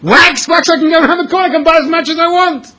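A man voicing an exasperated, scolding middle-aged wife in a told story, pitching his voice up high. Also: fast, sharp tone. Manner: shrill, scolding, incredulous.

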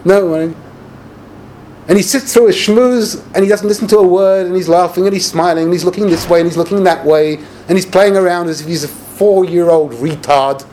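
A man giving a yeshiva-style Torah lecture as a rabbi, animated and sarcastic, peppering his English with Hebrew and Yiddish terms. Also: high voice, fairly quick, slight background noise.

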